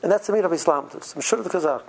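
Husky rebbe giving an animated lecture. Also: male voice, a little high, fast, low-quality recording. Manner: animated, stammering restarts, uses Yiddish and Hebrew study terms. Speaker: yeshiva rebbe teaching students. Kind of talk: informal Torah lecture.

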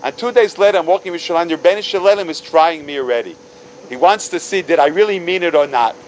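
Animated storytelling man in his fifties. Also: fast, a little hiss or hum, low-quality recording. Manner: animated, acting out dialogue with big pitch jumps; sprinkles Hebrew and Yiddish terms. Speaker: speaker telling stories to a religious audience. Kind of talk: storytelling talk.

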